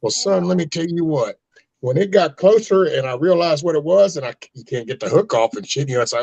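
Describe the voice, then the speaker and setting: A man's voice: a little high, lively intonation, fairly quick, vocal fry, darkish tone, lo-fi sound. A man hosting an online chat and telling a loose, folksy fishing story with plenty of cussing. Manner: loose, profane, folksy yarn-spinning. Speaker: host.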